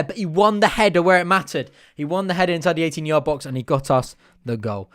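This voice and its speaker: A young man calls a match live for fellow fans, chatty and partisan, breaking into excited shouting when chances come. His voice sits a little high, and it sounds dry and close with almost no room around it. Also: fast, few pauses, no echo. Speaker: fan watch-along host. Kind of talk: live fan commentary.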